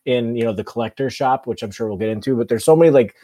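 A man's voice: mid-range voice, quick pace, mellow. A man in his thirties co-hosting a movie podcast, rambling in casual chat with many ums. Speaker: podcast co-host.

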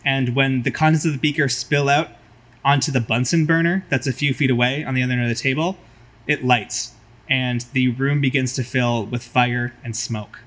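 A man's voice: mid-range voice, steady tone, moderate pace, fairly bright tone. A man narrating vividly as game master of a tabletop role-playing game.

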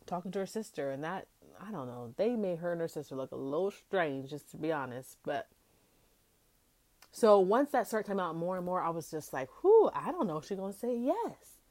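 A woman's voice: on the low side, fairly quick, dry recording. Chatty young woman recapping a show. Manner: chatty, animated, acts out quotes from the show. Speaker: podcast host. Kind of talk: casual recap chat.

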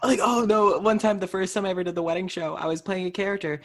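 A man hosting a relaxed interview over a video call, with a slightly higher voice than most men. He tells stories in an animated, easygoing way and laughs often. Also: quick pace. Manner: animated anecdote-telling, laughing easily. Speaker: interview host. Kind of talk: casual interview chat.

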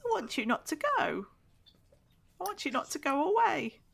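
Female reader voices an eager little boy in a storybook: odd, squeaky, very high and sing-song. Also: sing-song, moderate pace, vocal fry, fairly bright tone, full character voice.

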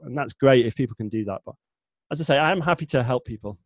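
A man's voice: mid-range voice, fast, dry recording. A man in his forties from the north of England with a Northern English accent, talking casually as an interview guest in a rambling way with many restarts. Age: 40s. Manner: chatty, rambling, frequent restarts and self-corrections. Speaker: guest, chatbot developer.

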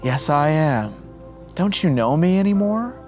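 A man voicing a gentle, affectionate young boy saint who speaks earnestly and kindly to an old friend. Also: on the high side, lively intonation, a little slow, faint music behind, pitched above the performer's own voice.

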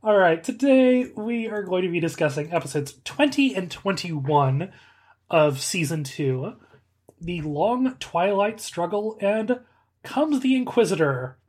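A woman hosting a podcast, introducing the episodes in a brisk, playfully bossy way. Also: lowish voice, lively intonation, darkish tone, slightly rough. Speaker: podcast host.

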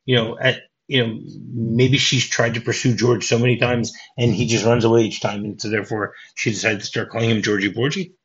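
A man hosting a casual film podcast, talking in halting bursts and often repeating his words. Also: mid-range voice, little pitch movement. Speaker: podcast host. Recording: dull lo-fi podcast audio.

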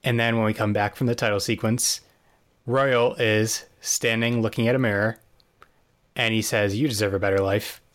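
A man's voice: on the low side, level tone, moderate pace, fairly bright tone. A man co-hosting a podcast, casually recapping a TV episode in a dry, sarcastic way with plenty of fillers and restarts. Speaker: podcast co-host.

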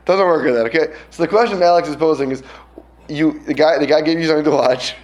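A man's voice: fairly high pitch, quick pace. A man teaching a casual Talmud class, checking in with his students and acting out little scenes to explain a point. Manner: lively, questions students, acts out little scenes.

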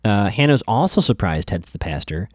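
A man's voice: lowish voice, big pitch swings, normal speed, darkish tone, no room sound, studio quality. A man casually recapping a TV episode, chatty, with lots of fillers, stammered restarts and asides to his listeners.

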